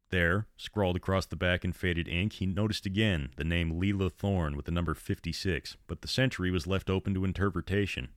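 A man reading his own horror story aloud in a measured, ominous storytelling manner. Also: deep voice, no room sound, clean studio sound.

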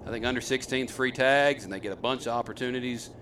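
A middle-aged hunting host talks at an everyday pitch, and his voice comes across bright and forceful. He spins a loose, rambling story to the camera. Every so often he turns to his sons with questions, and faint background noise sits under his voice. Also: fast. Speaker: host, hunter and father.

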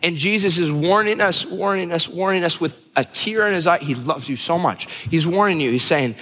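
A man's voice: fairly high pitch, moderate pace, few pauses, a bit bright. A young man preaching a sermon, earnest and confessional, often restarting his sentences. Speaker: pastor. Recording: long hall reverb.

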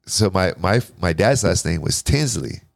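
A man in his forties shares his life story as a podcast guest, his voice sitting very low. He talks casually and animatedly, acting out his own past lines and swearing freely. The recording is close and dry. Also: a little slow, creaky, no echo. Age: 40s. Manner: animated, profane, restarts and quotes himself.

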